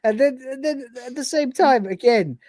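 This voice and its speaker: A man, co-hosting a casual review chat, animated and sweary, acting out lines from the show between laughs. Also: very high-pitched, normal speed, no echo, clean studio sound. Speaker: podcast co-host.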